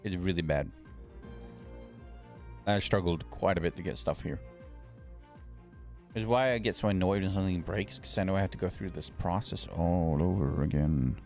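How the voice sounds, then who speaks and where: A man with a very low, deep voice talks casually on a live stream, rambling and grumbling as he answers his chat. Faint music plays under his voice. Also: moderate pace, creaky, pauses often, darkish tone.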